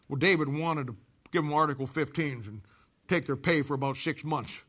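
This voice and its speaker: A man preaching a sermon, telling a Bible story in a folksy, animated way with casual army slang. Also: a little high, moderate pace.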